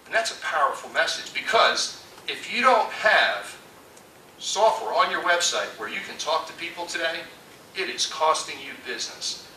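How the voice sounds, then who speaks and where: A man giving a storytelling keynote talk, animated and acting out the voices he quotes. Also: on the high side, moderate pace, slight background noise. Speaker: conference speaker. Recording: echoey hall from far off.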